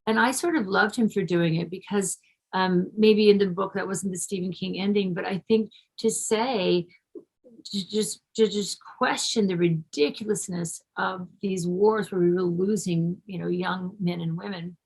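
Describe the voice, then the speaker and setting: Effusive woman with a gravelly voice. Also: mid-range voice, fairly even intonation, normal speed, darkish tone, rough recording. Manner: effusive, gushing, restarts sentences. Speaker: actress interviewed. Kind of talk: casual interview talk.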